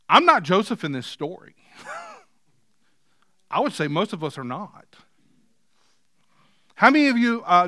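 A male pastor preaching a sermon, moving from quiet scripture reading to loud, emphatic points. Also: fairly high pitch, no echo, clean studio sound. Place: church.

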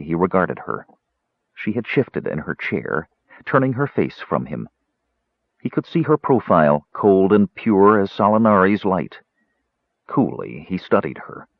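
Male audiobook narrator, deep voice, animated delivery, dry dull recording. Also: no room sound. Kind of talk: scripted narration. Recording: slightly muffled audio.

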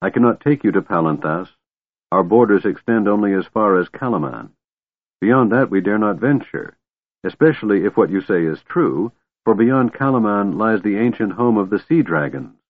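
A man voicing a grave, earnest sea elf woman who speaks in a measured, formal way. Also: lowish voice, lively intonation, no echo. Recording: narrow phone-like dry audio.

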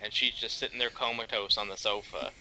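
Sharp bright voiced guy, blunt dry jokes. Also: on the low side, steady tone, fairly quick, slight background noise, low-quality recording. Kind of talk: casual chat.

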